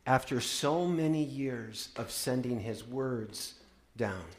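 A man and parent preaching a sermon, swinging from loud proclaiming to hushed wonder, with wry, playful storytelling. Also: mid-range voice. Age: adult parent. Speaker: pastor.

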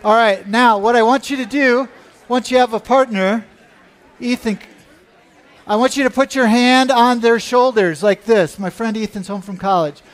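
A man's voice: very high-pitched, normal speed. A man giving an earnest talk at church about a mission trip, and leading the congregation in a hands-on exercise. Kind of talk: sermon.

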